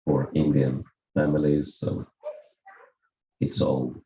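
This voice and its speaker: A man with a Russian accent from Russia giving a scripture class at a home gathering, telling a story in a slow, deliberate way with light chuckles. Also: very deep voice, level tone, dark tone. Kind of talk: storytelling sermon. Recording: roomy, dull lo-fi room recording.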